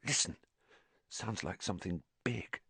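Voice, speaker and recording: A man voicing a tense boy wizard who speaks in a hushed, breathy whisper. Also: sits low, a little slow, dry recording, heavily acted.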